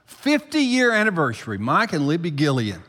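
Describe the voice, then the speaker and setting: A man preaching a sermon to his congregation, climbing loud for emphasis and then dropping low. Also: wildly swooping pitch, normal speed. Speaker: pastor. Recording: long hall reverb.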